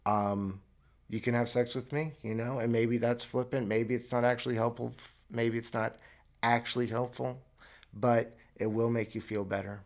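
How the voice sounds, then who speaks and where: A man in his thirties from Florida, hosting a solo comedic podcast monologue in a sarcastic, deadpan, rambling way. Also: medium pitch, normal speed. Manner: rambling with restarts, mock-earnest. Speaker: podcast host. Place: traveling abroad, recording alone.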